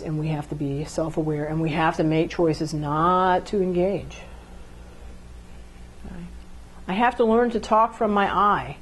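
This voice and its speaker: Woman teaching a relationship class. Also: lowish voice. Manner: repeats key phrases, checks in with "okay?"; acts out couples' dialogue to illustrate. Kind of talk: classroom lecture.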